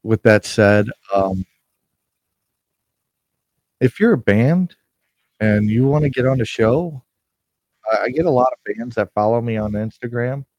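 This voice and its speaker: A man hosting his podcast, speaking haltingly with many fillers and restarts, emotional as he sends a holiday message to listeners. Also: mid-range voice, animated, darkish tone, no room sound, low-quality recording. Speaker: podcast host.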